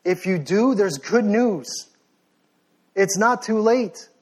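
A young man preaching a sermon with passion, swinging between forceful exhortation and sheepish, joking asides. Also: sits high, expressive, slow pace. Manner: passionate, rising to near-shouting then softening to sheepish asides.

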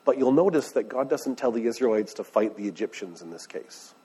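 With a dark, husky mid-range voice and lively intonation, a pastor moves fairly quickly through a conversational sermon. He asks his listeners questions and recasts scripture in ordinary terms.

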